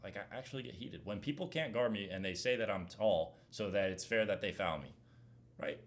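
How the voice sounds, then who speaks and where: Young male streamer, casual slangy Q&A voice, animated rants. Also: on the low side, a little fast. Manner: animated slang-heavy rant, gets loud when heated. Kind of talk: casual Q&A chat.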